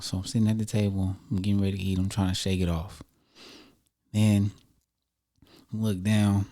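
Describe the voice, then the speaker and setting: A man casually telling a personal story to his viewers in a relaxed, slangy, conversational way. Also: fairly low pitch, normal speed, pauses often.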